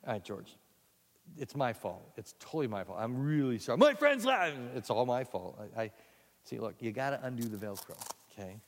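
A man voicing an apologetic shopkeeper who speaks quietly and stumbles over his words. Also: mid-range voice, big pitch swings, fairly quick, in a large hall. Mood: sheepish. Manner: quiet, hesitant, apologetic, stammering. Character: apologetic, soft-spoken male shopkeeper.

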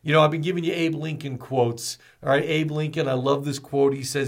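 A man hosting a ministry podcast, talking in an energetic, storytelling way with folksy asides. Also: on the high side, a little fast, hardly any pauses. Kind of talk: motivational podcast talk.

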